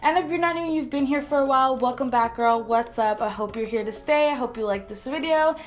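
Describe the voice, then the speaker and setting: A woman's voice: sits high, fairly quick. A young woman from California chatting through a casual makeup review vlog in her bedroom, rambling and repeating herself. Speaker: beauty vlogger.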